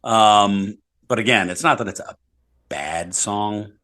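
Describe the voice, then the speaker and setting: A man co-hosting a music podcast, joking and casual. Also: fairly low pitch. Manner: joking, drawn-out and lively. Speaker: podcast co-host. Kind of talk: casual chat.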